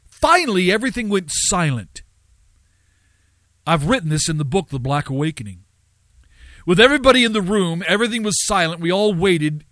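An earnest male host of a live radio show, recounting events and exhorting his audience with plenty of ums and uhs. His voice sits slightly high for a man, and the studio sound is dry and close. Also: a bit bright, no echo. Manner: earnest preaching cadence with fillers. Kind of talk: live radio talk, storytelling.

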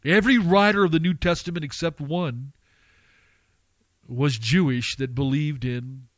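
Male preacher, fairly high voice, dry close sound, fervent and questioning. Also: a little slow, a bit bright, no room sound. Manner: impassioned, surging to fervent high-pitched pleading; rhetorical questions to listeners. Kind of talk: radio sermon.

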